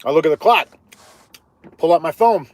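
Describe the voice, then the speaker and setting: Animated man telling a story on a live stream. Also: a little high, moderate pace, no echo. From Ohio. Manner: animated, chatty, breaks off to greet viewers. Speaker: livestreaming vlogger.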